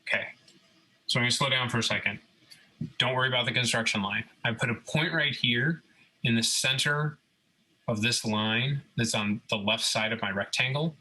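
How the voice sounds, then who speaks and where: A man with a breathy edge to his medium-pitched voice speaks at a moderate pace while teaching a screen-recorded CAD tutorial. As a robotics instructor he keeps it relaxed and step by step, often asking "okay?", though the audio is poor.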